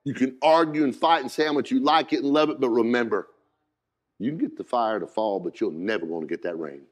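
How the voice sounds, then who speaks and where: A man preaching a sermon as pastor, folksy in his wording, moving from hushed storytelling to shouted, rising preaching. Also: mid-range voice, fairly quick. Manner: folksy, says "ain't" and "gotta".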